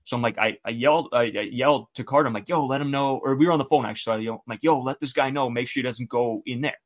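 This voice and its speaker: A man's voice: mid-range voice, racing. A man co-hosting a podcast, casually retelling a story and acting out the quoted dialogue. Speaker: podcast co-host.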